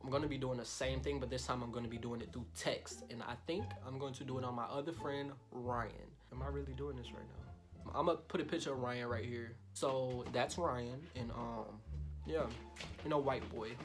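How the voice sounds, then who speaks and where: A young man, a YouTuber, talking casually and joking loudly with lots of swearing, then going soft and mock-romantic as he reads out texts. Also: mid-range voice, fairly even intonation, a little fast, over music. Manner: loud, profane and joking, swings to soft mock-romantic reading. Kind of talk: casual vlog talk.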